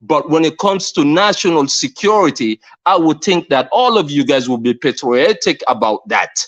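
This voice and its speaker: A man from Sierra Leone with a Sierra Leonean accent, speaking earnestly and emphatically as a caller in a live discussion, repeating phrases and pausing on fillers. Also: a little high, expressive, a bit bright, highs cut off. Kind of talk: impassioned call-in discussion.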